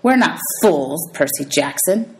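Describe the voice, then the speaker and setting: Menacing stern teacher, low slow delivery, put on by a woman reading aloud. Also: animated, full character voice.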